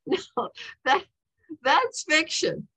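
A woman's voice: high voice, huge pitch swings, drawn-out words, gravelly, pushed and bright. A woman in her seventies, an author telling stories in a casual talk, rambling and breaking in on herself with frequent "okay?" and "you know" check-ins. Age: 70s.

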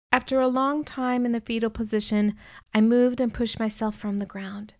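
A woman's voice: on the high side, fairly even intonation, normal speed, dry recording. A woman reading a first-person novel aloud with earnest, emotional delivery, close to the mic. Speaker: audiobook narrator.

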